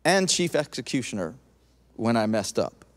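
A male pastor preaching a sermon, acting out quoted voices in an animated way. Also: medium pitch, moderate pace. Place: church auditorium. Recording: long hall reverb.

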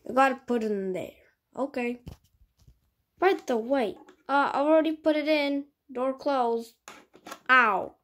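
A woman's voice: on the high side, slight background noise. A woman voicing toy figures in a playful stop-motion play, switching between characters in dialogue.

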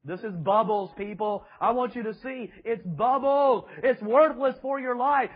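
High-voiced husky preacher, mocking. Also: male voice, unhurried, hardly any pauses, lo-fi sound. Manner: mocking, sarcastic preaching with emphatic repetition. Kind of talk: sermon. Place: church with children present.

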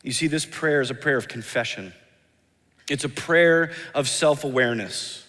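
A male pastor delivers an earnest sermon, driving his points home by repeating them. His voice sits a little high. The sound carries a long reverb from the church sanctuary. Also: normal speed, a bit bright. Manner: earnest, acts out quoted voices, emphatic repetition.

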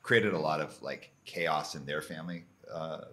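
A man from Canada hosting a podcast interview, telling an anecdote in an animated way and laughing along with his own story. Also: a bass voice, moderate pace. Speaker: podcast host. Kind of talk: casual interview chat.

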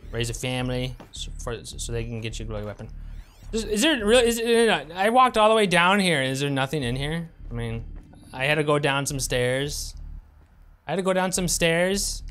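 A man streams a game live, offering commentary full of sarcastic jokes and plenty of swearing when frustration hits. His voice is medium-pitched and a bit bright.

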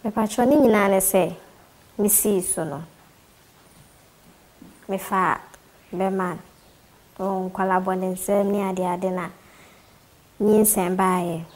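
Slow-speaking Ghanaian woman. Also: medium pitch, a little mellow, poor audio. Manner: slow, deliberate storytelling in Twi. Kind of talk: personal testimony.

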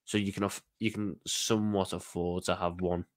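A man co-hosting a casual football chat, calm and patient as he corrects the host. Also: deep voice, normal speed, no room sound, studio quality.

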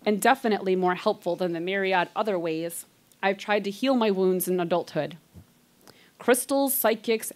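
A woman in her thirties performs a live personal story, reading old diary entries aloud with candid, self-mocking asides. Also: mid-range voice. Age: 30s.

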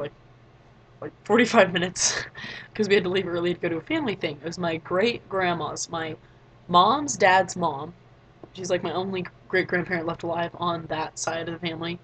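With a voice on the low side but fairly bright in tone, a late-teen vlogger tells a chatty story, performing other people's lines and using "like" often. The recording is rough, with slight background noise.

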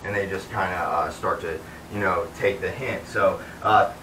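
A man's voice: low-pitched, steady tone, normal speed, roomy sound, distant mic, background noise. A man working as a dog trainer, explaining his method while giving the dog commands mid-sentence, with many fillers.

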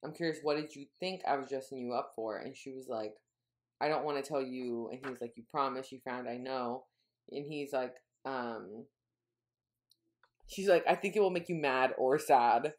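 A woman co-hosting a podcast, casually retelling a book's scenes and quoting its dialogue in a low murmur. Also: moderate pace, darkish tone. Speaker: podcast co-host. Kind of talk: casual book-recap chat.

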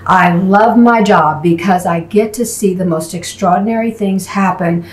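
A woman preaching a sermon, telling stories in an animated way that shifts between quick runs and slow, emphatic words. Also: mid-range voice, reverberant. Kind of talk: storytelling sermon. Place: mission chapel.

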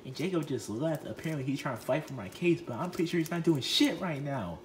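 A shrill, panicky puppet boy, acted by a man, who yells and protests, his voice sitting well above the performer's own. He swears crudely and sounds defensive in a comedy puppet skit. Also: animated, quick pace, slight background noise, close to an everyday voice. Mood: indignant.

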